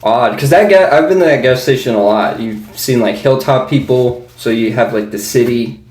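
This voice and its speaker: A man's voice: mid-range voice, normal speed, a little mellow. A young man co-hosting a casual podcast chat, laughing often and mimicking people in his stories. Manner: laughing storyteller, imitates people he met. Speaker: podcast co-host. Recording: roomy echo.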